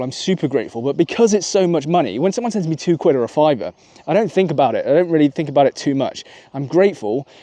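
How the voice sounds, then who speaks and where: Out on a walk with his dog, this political vlogger talks through his opinions in a chatty, think-aloud style. His voice is a little high and mellow, with no echo.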